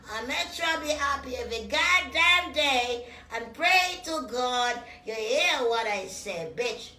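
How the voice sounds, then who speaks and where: Woman, preachy profane comic rant, high pitched, unhurried delivery. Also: a little hiss or hum. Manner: profane, preachy, shifts between hushed whispers and loud shouting. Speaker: comedian.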